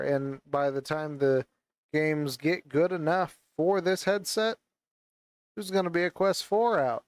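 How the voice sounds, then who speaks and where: A gaming vlogger in a VR headset swears and vents angrily about the game he's playing, speaking into a gaming mic. His slightly high voice is smooth and steady in tone, and his pace is unhurried. There's no echo.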